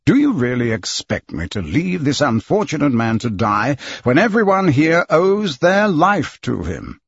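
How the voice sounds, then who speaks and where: A man voicing a cold, resolute gentleman. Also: on the high side, very animated, slightly rough, no echo, lo-fi sound, exaggerated voice. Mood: cool. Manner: measured, clipped, slow.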